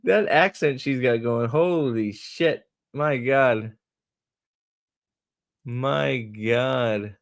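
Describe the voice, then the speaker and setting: A man's voice: medium pitch, extremely slow, creaky, pauses often. A man hosting a casual livestream, rambling, swearing and mocking as he reads comments and talks to chat. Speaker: host.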